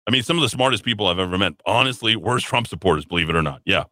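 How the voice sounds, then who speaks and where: A sarcastic man hosting a talk show, reading an article aloud and ridiculing it between lines. His low voice is bright and forceful and jumps all over the place, and the sound is close and dry. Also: expressive, rapid-fire, dry recording. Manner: sarcastic, puts on a snooty voice to mock the writer; stumbling asides and restarts, laughs at his own jokes. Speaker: radio talk show host.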